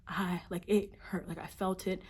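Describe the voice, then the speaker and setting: Young woman, storytime vlog, somewhat low voice, emotional, lots of filler words, swears. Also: fairly even intonation, normal speed, a little mellow, breathy edge. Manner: emotional, heavy use of filler "like", profane. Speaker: vlogger.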